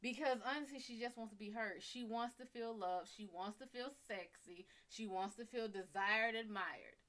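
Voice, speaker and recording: Bright-voiced woman giving blunt advice. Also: a little high, moderate pace. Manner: blunt, animated, acts out dialogue. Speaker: psychic reader. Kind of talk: casual advice on live stream.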